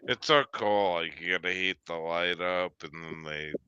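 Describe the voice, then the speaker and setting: A man's voice: low voice, moderate pace, pushed and bright, clear, resonant tone, dry recording, muffled recording. A man telling a long rambling story in casual chat on a live stream, full of fillers and restarts.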